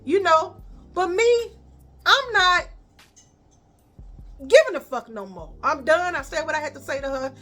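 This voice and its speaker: Brief: Chicago woman, high voice, animated, swearing storyteller, faint music behind. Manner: animated, profane, addresses viewers as y'all. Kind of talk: storytime vlog.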